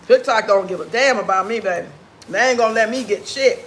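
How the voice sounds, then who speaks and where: A man's voice: high-pitched, fairly quick, bright, forceful tone, slight background noise. A man hosting a casual livestream while eating, talking with food in his mouth and trading blunt, sassy trash talk with his chat viewers. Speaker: livestream host.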